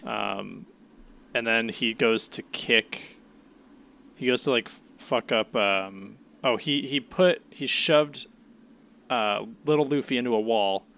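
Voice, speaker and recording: Bright-voiced man, casual podcast co-host. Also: medium pitch, takes it slowly, vocal fry, clear, resonant tone. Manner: swears freely while recapping episodes. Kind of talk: casual chat.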